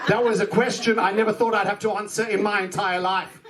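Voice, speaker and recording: High-voiced South African stand-up comic. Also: male voice, fairly even intonation, a little fast, heavy background noise. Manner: chatty storytelling, puts on voices for people he quotes. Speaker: stand-up comedian. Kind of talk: stand-up comedy set. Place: comedy club stage with a laughing audience. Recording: live club recording with loud crowd laughter.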